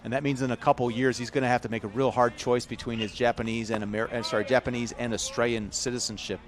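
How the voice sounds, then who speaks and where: A man's voice: medium pitch, flat delivery, fast talker. A man with a Chicago American accent calling a youth baseball game live, chatty and often correcting himself. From Chicago, United States. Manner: chatty, self-correcting, rising to shouts on big hits. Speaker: baseball commentator. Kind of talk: live play-by-play commentary.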